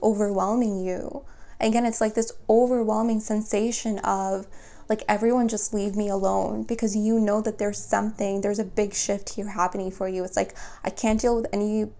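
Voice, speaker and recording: A woman with a medium-pitched, dark-toned voice gives a spiritual tarot reading. She talks earnestly and encouragingly straight to her viewers, using many fillers.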